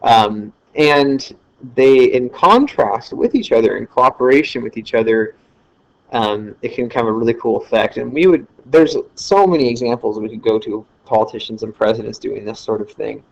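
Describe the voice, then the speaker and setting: This is a man of medium pitch and gravelly texture, speaking at a normal speed. His screen-recorded lecture is relaxed and loose, dotted with fillers and self-corrections, captured in slightly dull lo-fi sound.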